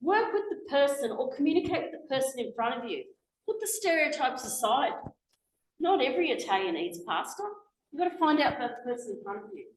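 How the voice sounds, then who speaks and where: A woman's voice: high-pitched, big pitch swings, fairly quick, slight background noise. A middle-aged woman giving a passionate, emphatic public talk as a guest speaker in a meeting hall. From Australia. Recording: echoey hall recording.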